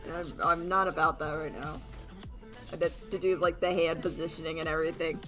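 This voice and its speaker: A woman's voice: sits low, flat delivery, brisk, a bit bright, soft background music. A young woman chatting casually on a livestream, giggly and rambling with lots of fillers. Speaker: streamer and artist.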